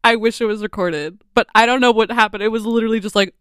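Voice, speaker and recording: A woman's voice: a little high, steady tone, fast, a bit bright, no room sound, clean studio sound. A young woman co-hosting a podcast in casual chat, laughing often and telling stories with animation. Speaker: podcast co-host.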